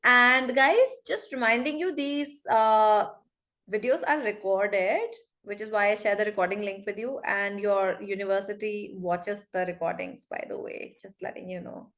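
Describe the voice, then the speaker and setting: A woman with an Indian English accent teaching an online class over a video call, briskly scolding students who laugh and talk. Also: mid-range voice, fairly bright tone.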